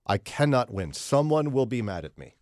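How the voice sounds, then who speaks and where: A man's voice: medium pitch, very animated, moderate pace, a little mellow, no room sound, studio quality. A man hosting a morning radio show, chatting casually and acting out angry listeners in raised, mocking voices. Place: radio studio. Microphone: studio microphone.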